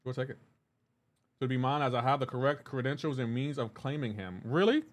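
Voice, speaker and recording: A man's voice: mid-range voice, expressive, brisk. A man streaming a game live, chatting casually, reading and answering chat aloud in a joking, teasing way.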